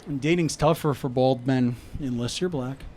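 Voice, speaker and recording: A man's voice: medium pitch, moderate pace, background noise. A male stand-up comedian from New York telling jokes in a conversational way and acting out talks with friends, recorded outdoors on a rooftop. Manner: conversational, acts out dialogue with friends.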